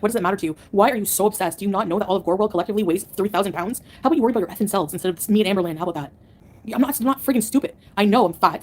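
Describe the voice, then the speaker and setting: Woman livestreamer, rapid combative rants, sarcastic, mid-pitched. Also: a little mellow. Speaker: livestreamer answering chat. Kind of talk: live-stream rant to chat.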